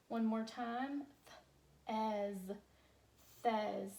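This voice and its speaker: Woman, teacher, slow, clear sounding-out of words, encouraging. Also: on the high side, dark tone, a little hiss or hum. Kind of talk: phonics lesson for children.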